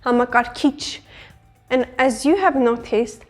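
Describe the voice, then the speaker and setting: A woman who teaches her language, explaining pronunciation tips patiently and slowing down to model words. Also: a little high, darkish tone, soft background music.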